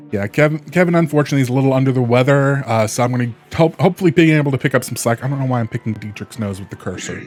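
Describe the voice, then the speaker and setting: A man's voice: medium pitch, animated, fast, faint music behind. Chatty man hosting a game stream. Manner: chatty, rambling, many restarts and fillers. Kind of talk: casual let's play commentary.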